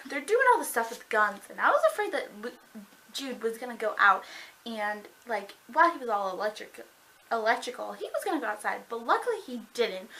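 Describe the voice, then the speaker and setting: A young woman excitedly rambling through a book review, full of fillers and gushing asides. Her voice is bright and somewhat high, with very lively pitch swings. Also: rough recording. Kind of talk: casual book review vlog.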